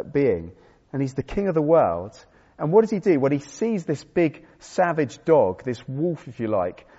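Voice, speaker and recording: Preaching in a warm, mid-range voice, a man keeps his sermon conversational, with self-deprecating jokes and many restarts. The sound is dull and echoes around a reverberant hall.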